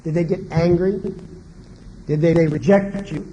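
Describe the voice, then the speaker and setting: The sound is lo-fi with slight background noise as a man with a fairly high voice lectures at a moderate pace. Running a marriage seminar, he animatedly peppers the audience with questions and dramatizes quoted parents and children.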